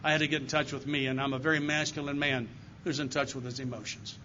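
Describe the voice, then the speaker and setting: In a dull, lo-fi live recording with a little hiss or hum, an older AA circuit speaker gives a heartfelt recovery testimony to a meeting audience. He speaks fast in a mid-range voice, level but sharp in tone. The earnest talk is delivered straight to the people in the meeting room.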